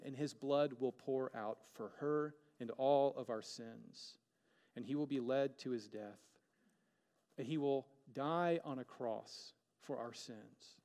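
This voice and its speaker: A man's voice: mid-range voice, warm tone, long reverb tail. A man preaching a sermon as a pastor, earnest, with rhetorical questions and dramatic shifts of pace.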